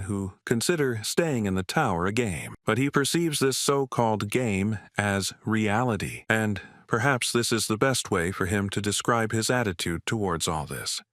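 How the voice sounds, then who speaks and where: Male recap narrator, low register, steady scripted delivery, dry booth sound. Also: no echo.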